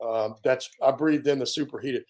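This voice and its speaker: An American man in his fifties, a veteran guest on an interview, telling a story in a casual, animated way and filling pauses with ums and you-knows. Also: mid-range voice. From United States. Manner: animated storyteller, acts out quoted dialogue, frequent fillers.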